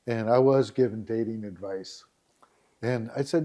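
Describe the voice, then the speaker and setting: A man who founded a dating site, talking as a podcast guest, chuckling often and telling stories with lively quoted voices. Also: fairly low pitch, a little slow. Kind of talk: casual interview storytelling.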